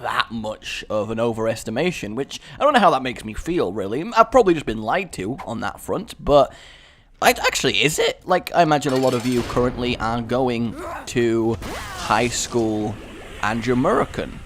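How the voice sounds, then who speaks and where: A young English man giving chatty, sarcastic let's-play commentary, rambling into asides and breaking into excited yelps. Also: medium pitch, normal speed, slight background noise. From England. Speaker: gaming YouTuber.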